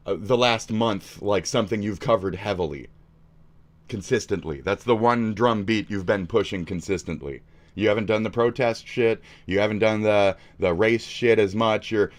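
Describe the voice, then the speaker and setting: A man from the United States, a streamer, ranting angrily in a profane, insulting way and often yelling. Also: on the low side. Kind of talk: angry reaction rant.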